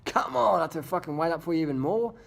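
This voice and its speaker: A man's voice: mid-range voice, fairly quick, lightly acted. A man voicing a brash male pro cyclist who crudely taunts his rivals. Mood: goading. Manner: crude, goading, shouty.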